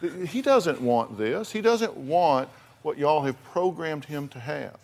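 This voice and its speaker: A man with a fairly high speaking voice counsels guests on a talk show stage. He is blunt and emphatic and repeats words as he presses his points. His phrasing is folksy. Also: expressive, unhurried, a little mellow.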